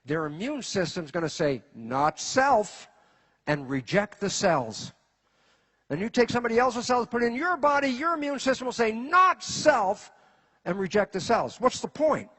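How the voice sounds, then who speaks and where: A man with a rather high, slightly husky voice lectures a live audience. He is animated, firing rhetorical questions at the crowd and building toward each point. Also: fairly quick. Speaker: speaker giving a lecture. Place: in front of an audience.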